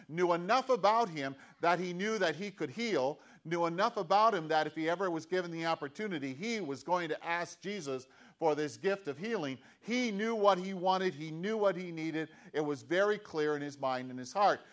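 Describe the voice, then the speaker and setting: A man preaching a sermon in a conversational way, with restarts and emphatic, repeated questions. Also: fairly high pitch. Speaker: pastor.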